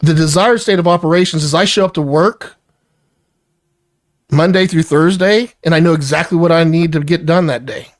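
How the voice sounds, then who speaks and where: A man's voice: on the high side, moderate pace, no room sound. An angry man lecturing an employee in a heated work argument, swearing constantly. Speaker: business owner confronting an employee.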